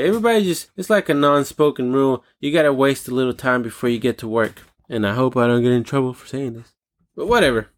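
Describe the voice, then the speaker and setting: A man hosting a comedic solo rant, rambling and profane, with jokey digressions. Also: medium pitch.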